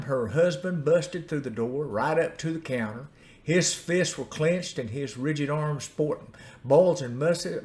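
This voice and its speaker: An older man with an Appalachian accent telling a folksy story in an unhurried, homespun way. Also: mid-range voice. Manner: folksy, drawn-out story delivery. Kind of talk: storytelling narration.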